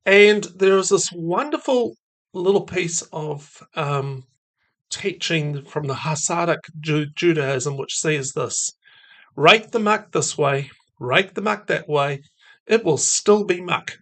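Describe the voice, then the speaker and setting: A man with a fairly high-pitched voice gives a thoughtful devotional talk. He muses aloud and drops in fillers and soft laughs as he goes. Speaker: faith and mental health speaker.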